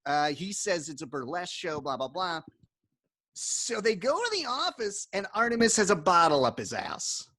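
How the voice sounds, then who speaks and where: A man's voice: high voice, sing-song, normal speed, bright, forceful tone, no echo. A man co-hosting a casual podcast, recapping an episode, laughing often and swearing casually. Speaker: podcast co-host. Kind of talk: casual chat.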